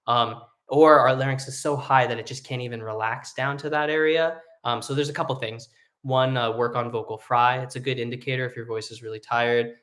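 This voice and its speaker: A man who sings tenor, teaching a live singing lesson in a relaxed, explanatory way, with hummed and sung demonstrations. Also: medium pitch, fairly quick. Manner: explains casually, demonstrates hums and sung vowels.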